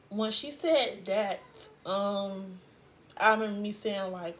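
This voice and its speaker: A young woman recounts a painful memory for her vlog. She speaks haltingly, trails off, and fights back tears, at an ordinary pitch, with faint background noise under her voice. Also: fairly even intonation, fairly bright tone. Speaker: vlogger. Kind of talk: emotional personal storytelling.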